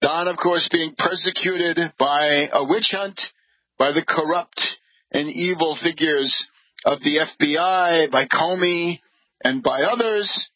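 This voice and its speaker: A man hosting a radio show, delivering a deliberate, scornful political commentary monologue. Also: a little high, breathy edge, no echo. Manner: deliberate, scornful, measured delivery with frequent pauses. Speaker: radio host. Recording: dull lo-fi radio audio.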